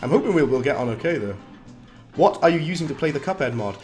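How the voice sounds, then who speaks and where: A man with a slightly hoarse voice, chatting casually while livestreaming a game, reading chat aloud and laughing often. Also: fairly high pitch, expressive, quick pace, darkish tone, faint music behind. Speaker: livestreaming gamer. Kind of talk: casual live-stream commentary.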